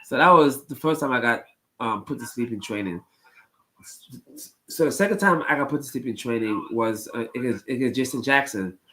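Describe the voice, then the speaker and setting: A man's voice: medium pitch, expressive, moderate pace, bright, forceful tone, poor audio. A man casually telling a long story to his live chat, rambling and repeating phrases, with plenty of ums. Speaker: streamer talking to chat.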